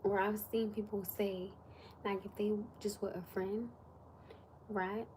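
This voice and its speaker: Woman ranting on a live stream, soft warm voice, bit of hiss behind. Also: medium pitch, unhurried. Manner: animated, drops to whispers for emphasis. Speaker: livestream host. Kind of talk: casual livestream chat.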